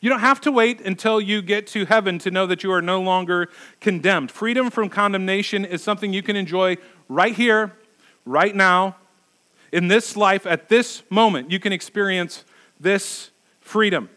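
High-voiced man preaching a sermon. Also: moderate pace, sharp tone. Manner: conversational, rhetorical questions, emphatic. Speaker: pastor.

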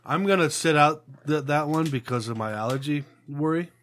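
A man's voice: on the high side, normal speed, a bit bright, a little hiss or hum. A man co-hosting a podcast in casual chat, joking, swearing and laughing often. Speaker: podcast co-host.

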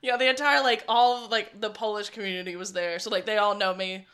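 A chatty woman from the United States, talking with friends and laughing through her stories. Her voice is smooth and clear, at a middle pitch. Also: fairly even intonation, brisk, a bit bright. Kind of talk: casual chat.

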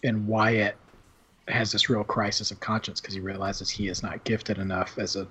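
Husky low-voiced man rambling about films. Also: normal speed. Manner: rambling, animated, many fillers and restarts. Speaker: podcast host. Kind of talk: casual film discussion.

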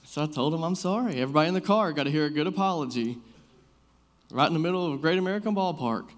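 Very fast and on the high side, this man in his thirties preaches an informal sermon built around personal stories. He talks conversationally and leans on fillers like "like."

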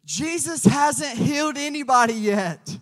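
A man preaching a sermon as pastor, telling stories with lively swings from hushed asides to loud emphasis. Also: extremely high pitch, unhurried, big-room sound.

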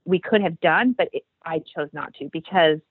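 A woman guest telling a faith story in casual talk, acting out the quoted lines with animated jumps in her voice. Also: normal speed, slightly rough, dry recording. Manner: animated, acts out quoted dialogue with big pitch jumps. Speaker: podcast guest. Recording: dry, tinny phone-like line.

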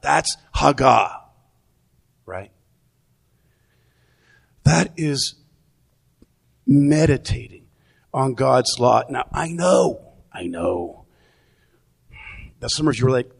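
Male pastor, unhurried sermon delivery, gravelly tone, conversational with restarts. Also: mid-range voice, animated. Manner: conversational, repeats words while thinking.

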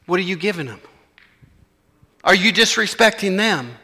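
Pastor preaching, high bright voice, big echoey church hall, chatty and plainspoken. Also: male voice, lively intonation, moderate pace, long pauses, breathy edge. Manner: conversational preaching, acting out congregants' voices. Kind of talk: sermon.

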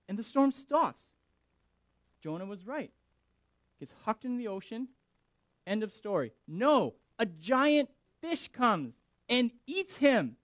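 A man preaching who reads scripture and comments on it in an animated, emphatic way, often repeating his words. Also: extremely high pitch, slow pace, dry recording. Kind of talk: scripture reading and sermon commentary.

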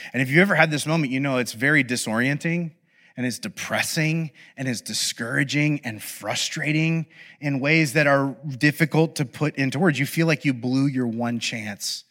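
Brief: male pastor, 30s, bright forceful tone, slightly high, casual storyteller who lets himself get loud acting out a scene. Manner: animated, acts out his own shouting in stories; casual, many fillers like "like" and "um". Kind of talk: sermon storytelling.

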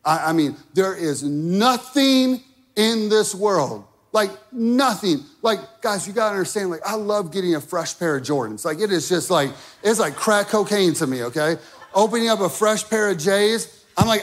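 A man preaching a sermon in a church, talking casually with lots of "like", rising to shouted peaks and dropping to quiet asides. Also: high voice, animated, normal speed. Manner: casual wording with many fillers like "like". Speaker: pastor. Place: church sanctuary.

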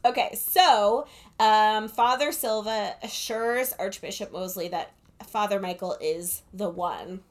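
A woman co-hosts a podcast and retells a film's plot in relaxed, conversational talk. She drops sarcastic asides and laughs easily. Her voice sits at an ordinary middle pitch and comes through a headphone mic. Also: slow. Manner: chatty, sarcastic, laughs often. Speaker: podcast co-host. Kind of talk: casual chat recapping a film. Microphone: headphones with a corded mic.

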